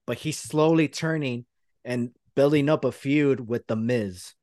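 A man's voice: mid-range voice, a little slow, a little mellow, no echo, studio quality. A man hosting a podcast, rambling through a play-by-play retelling in casual chat. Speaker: podcast host.

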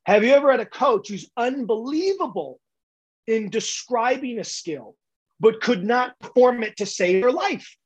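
A man's voice: very high voice, expressive, unhurried, husky, dull audio. A man as a podcast guest, explaining coaching ideas in an emphatic, lecture-like way and repeating words for stress. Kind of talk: explanatory interview talk.

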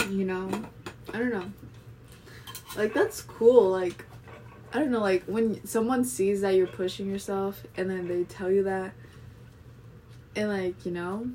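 A woman's voice: medium pitch, steady tone, slow, pauses often, darkish tone, slight background noise. A young woman vlogging in a casual, rambling way, filling her talk with constant fillers. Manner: rambling, filler-heavy, chatty. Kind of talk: casual monologue vlog. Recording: voice a bit distant from the mic.

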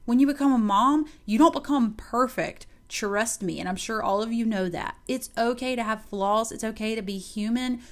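Young woman, mom-vlogger, fairly high voice, emphatic, direct encouraging talk. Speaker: mom giving advice to mothers. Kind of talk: casual motivational talk to camera.

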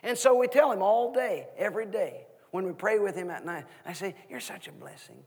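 A man in his thirties preaching a sermon as guest minister, asking the congregation questions in an animated way. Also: high voice, fairly quick, breathy edge, long reverb tail. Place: church sanctuary.

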